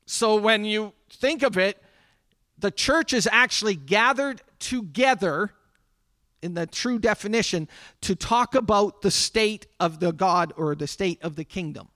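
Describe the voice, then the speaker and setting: A man's voice: high voice, unhurried, pushed and bright, no room sound. A man preaching a sermon to his congregation in a conversational way, with asides to the people in the room. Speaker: pastor. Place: church sanctuary.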